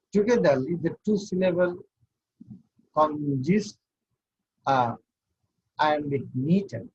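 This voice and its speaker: A man's voice: a little high, darkish tone, breathy edge, highs cut off. A man giving an online university class, explaining step by step and counting things out. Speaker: university lecturer.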